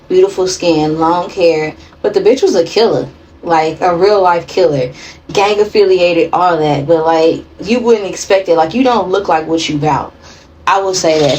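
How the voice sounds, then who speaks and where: A woman's voice: on the low side, darkish tone, a little hiss or hum, low-quality recording. A woman giving a casual tarot reading in a blunt, profane and slangy way. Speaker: tarot reader.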